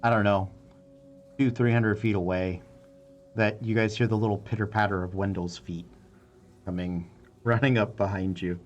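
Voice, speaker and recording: A man narrating as game master in a tabletop game, halting with frequent fillers and restarts. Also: lowish voice, steady tone, muffled recording, faint music behind.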